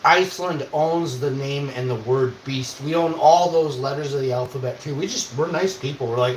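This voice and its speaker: A man's voice: medium pitch, moderate pace, few pauses. A young man from Canada who streams, telling a rambling casual story, swearing and acting out quoted voices. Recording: echoey room with faint noise.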